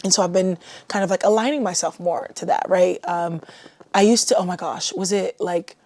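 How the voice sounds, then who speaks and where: Young woman from haiti rambling on her podcast, warm mellow tone, lots of likes, dry close sound. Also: lowish voice, moderate pace, no room sound. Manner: chatty and self-deprecating, with lots of "like". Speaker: podcast host. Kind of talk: casual solo podcast chat.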